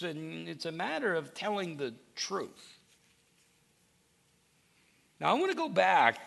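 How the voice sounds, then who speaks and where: A middle-aged pastor delivering a sermon as if chatting with his listeners. His voice is gravelly and bright, and it rises and falls a lot. He tells stories in a conversational way and often stops to restart a sentence. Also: high-pitched. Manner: conversational storytelling, animated with restarts.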